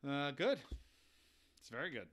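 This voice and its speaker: A man chats casually while playing a baseball video game live, thinking out loud as he goes. He keeps turning to his viewers to ask for their advice, in an easy, conversational way. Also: fairly high pitch, very animated, measured pace. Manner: thinks aloud, chatty, asks the viewers for advice.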